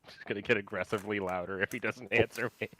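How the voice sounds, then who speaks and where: Deep, playful man with faint noise. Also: steady tone, fast talker, fairly bright tone. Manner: playful, jokey. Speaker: player. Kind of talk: casual gaming chat.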